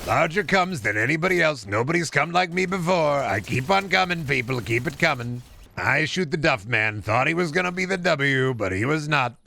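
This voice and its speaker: Comedic impression: a man playing an older male politician, boastful and rambling, a bit higher than his own voice, crisp and gravelly. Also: bright, forceful tone, exaggerated voice. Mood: crude bragging. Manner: bragging, repetitive, rambling crude boasts. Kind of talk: comedic impression while gaming.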